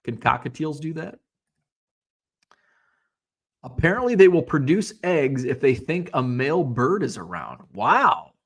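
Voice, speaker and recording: A man from Illinois hosts a laid-back live-stream for a sports card hobby show, reading viewer comments aloud and responding with wry asides. His husky voice is on the high side and sing-song, a little slow, with frequent pauses.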